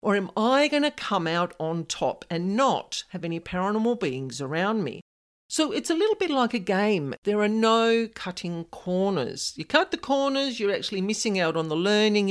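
A woman in her fifties talks through her advice in an earnest, chatty way. Her pitch swings widely as she goes, lifting and dropping through each point. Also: normal speed. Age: 50s. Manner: earnest, animated, conversational. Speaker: spiritual advisor. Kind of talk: direct-to-camera advice talk.

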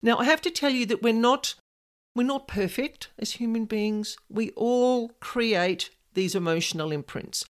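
A woman's voice: fairly high pitch, unhurried. A woman in her fifties giving earnest, conversational spiritual advice straight to her listeners. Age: 50s. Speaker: spiritual advisor. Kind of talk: direct-to-camera advice talk.

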